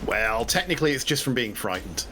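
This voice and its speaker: Casting: dungeon master, male, animated delivery, soft music bed. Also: medium pitch, fairly quick. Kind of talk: casual rules chat. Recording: faint music behind.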